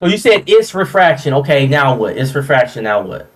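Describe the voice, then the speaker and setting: A man hosting a heated online debate, taunting and mocking his opponent, laughing at him and repeating words quickly when cut off. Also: medium pitch, big pitch swings. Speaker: host of a debate stream.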